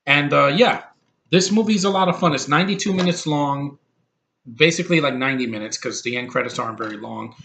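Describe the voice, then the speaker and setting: Blunt, rambling man with a slightly high voice. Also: vocal fry, sharp tone. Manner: blunt, opinionated, swears freely; halting, with many fillers and restarts. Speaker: movie reviewer. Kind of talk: casual rambling review.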